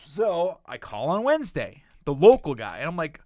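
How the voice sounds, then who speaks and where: A man's voice: fairly high pitch, wildly swooping pitch, normal speed, mellow, no room sound. Fed-up man ranting, swearing. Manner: profane, exasperated storytelling, mimics voices of people he quotes. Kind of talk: casual chat, ranting story.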